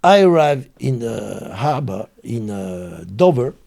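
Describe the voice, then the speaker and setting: A man with a French accent, a guest telling his story in halting, broken English with many fillers. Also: mid-range voice, sing-song, vocal fry, darkish tone. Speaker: interview guest. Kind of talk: casual storytelling.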